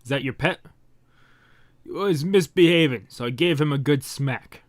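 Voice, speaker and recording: A man voicing a blunt, unbothered young male hero who makes flat, offhand remarks, reading a manga aloud. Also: on the high side, moderate pace, no room sound, studio quality, close to an everyday voice.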